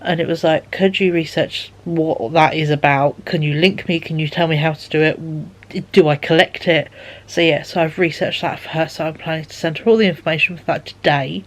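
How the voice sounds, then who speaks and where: A woman vlogger with a low, fairly evenly intoned voice chats casually at normal speed. She rambles with lots of fillers and keeps repeating "he said," sounding tired and yawning.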